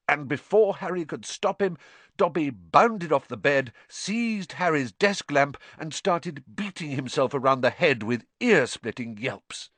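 A man reading an audiobook aloud with animated, dramatic storytelling on a close studio mic. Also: a little high, measured pace, no room sound. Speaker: audiobook narrator. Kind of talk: expressive audiobook narration.

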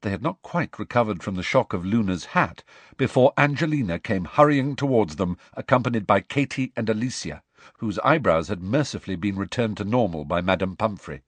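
A man narrating a storybook aloud in an expressive storytelling manner. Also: fairly low pitch, fairly quick, slightly rough, no room sound. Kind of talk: audiobook narration.

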